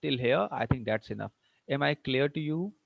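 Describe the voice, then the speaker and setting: Animated and creaky, a medium-pitched man teaches English at a normal speed, lecturing on word stress. Over and over he asks whether students follow, repeating and restarting to underline his points, all in a dull, dry lo-fi recording.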